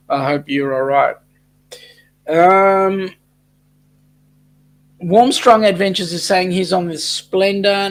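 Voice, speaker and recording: Chatty Australian man, fairly high voice. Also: rough recording. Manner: chatty, reads viewer comments aloud and answers them. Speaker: host of a weekly cruise chat livestream. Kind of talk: casual livestream chat.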